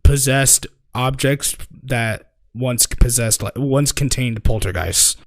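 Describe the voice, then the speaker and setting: A man's voice: mid-range voice, slow pace, no echo. Young male podcast co-host, casual rambling storyteller, swears freely, dry close mic. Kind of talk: casual chat.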